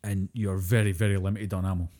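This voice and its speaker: Guy rattling off game talk fast, lowish voice, swears a lot, acts out the bits. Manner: animated storyteller, swears freely, acts out quotes. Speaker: podcast co-host. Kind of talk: casual chat about video games.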